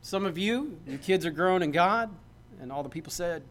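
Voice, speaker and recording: A man's voice: high-pitched, lively intonation, a little fast, a bit bright. A man, a pastor, preaching a sermon in a conversational, joking way that builds to emphatic points.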